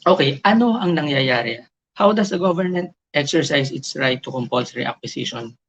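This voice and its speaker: A man with a Filipino accent giving a live online review lecture, explaining slowly, repeating key points and switching between English and Filipino. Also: on the high side, animated, fairly bright tone, lo-fi sound. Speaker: tutor for licensure exam review. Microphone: video call.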